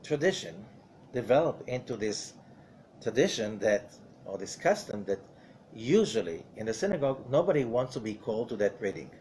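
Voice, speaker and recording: A rabbi teaches a Zohar class, talking casually and asking his listeners rhetorical questions. His pitch rises and falls a lot, with faint background noise. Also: very animated, normal speed, darkish tone. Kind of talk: Torah study lesson.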